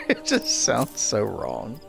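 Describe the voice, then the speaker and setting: A man's voice: medium pitch, wildly swooping pitch, slow, vocal fry, a bit bright, faint music behind. A man chatting casually beside a game stream, laid-back and joking. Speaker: streamer's partner, co-host. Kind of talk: casual chat.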